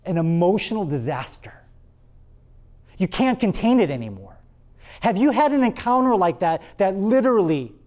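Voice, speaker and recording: A man preaching a sermon and reading scripture aloud, with dramatic pauses and words repeated for emphasis. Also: high voice, a little mellow. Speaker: pastor.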